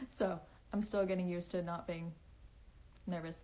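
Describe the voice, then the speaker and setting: A woman's voice: on the low side, steady tone, moderate pace, a little hiss or hum. A young woman chatting casually on a phone live stream, giggling often and speaking in a valley-girl lilt full of fillers. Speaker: livestreaming author.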